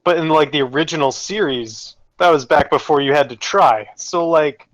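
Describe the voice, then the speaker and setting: A man's voice: a little high, normal speed, dry recording, rough recording. Man running a tabletop game. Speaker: game master. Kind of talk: narrating a tabletop game over video call. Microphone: video call.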